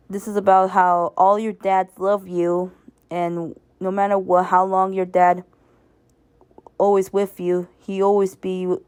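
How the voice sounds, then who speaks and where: A woman's voice: medium pitch, darkish tone, clear, resonant tone, no echo. A woman giving a casual, rambling spoken review, stumbling and restarting often and laughing as she goes. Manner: sentimental, laughs while talking. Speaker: video reviewer.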